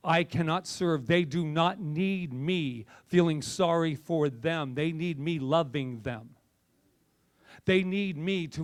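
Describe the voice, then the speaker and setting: A male minister preaching a passionate, conversational sermon to his congregation. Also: on the high side. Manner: impassioned, conversational, animated.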